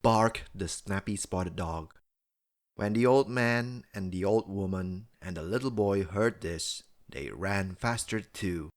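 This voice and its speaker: A man reading a children's bedtime story aloud, with expressive storybook narration. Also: low voice.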